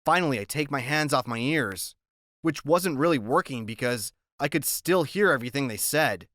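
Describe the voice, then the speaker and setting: A man's voice: mid-range voice, expressive, normal speed, a bit bright, dry recording, clean studio sound. A man narrating an audiobook in the first person, in a plain, conversational storytelling manner.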